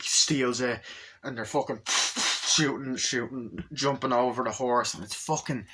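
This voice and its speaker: A man's voice: mid-range voice, pushed and bright. A man giving a casual, rambling film review, swearing a lot and acting out scenes with sound effects.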